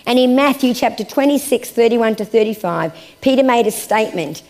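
Expressive woman preacher, hushed to lively. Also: on the high side. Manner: expressive, swinging from raised emphasis to hushed, slow phrases. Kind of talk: sermon with scripture reading.

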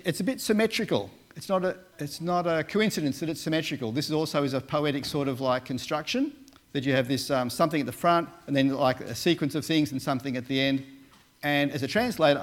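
A man who once worked as a Bible translator, giving a casual sermon and talking through slides with many fillers and restarts. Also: on the high side. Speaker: preacher, former Bible translator.

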